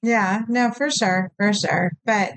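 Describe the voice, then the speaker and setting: A woman's voice: medium pitch, no echo, poor audio. Chatty woman co-hosting a podcast. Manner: chatty, halting, with many fillers. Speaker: podcast co-host. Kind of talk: casual podcast chat. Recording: dry close mic.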